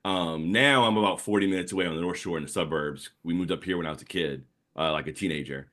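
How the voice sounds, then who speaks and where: Deep-voiced man. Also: fast. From New Orleans area, Louisiana. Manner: animated storytelling with laughs. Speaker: guest comic artist. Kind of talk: casual podcast chat.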